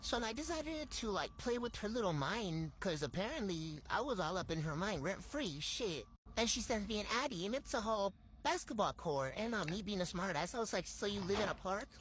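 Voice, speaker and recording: A woman's voice: mid-range voice, big pitch swings, a little fast, hardly any pauses, a little hiss or hum. A young woman from tells a get-ready-with-me storytime into her phone, blunt, slangy and swearing freely. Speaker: storytime vlogger.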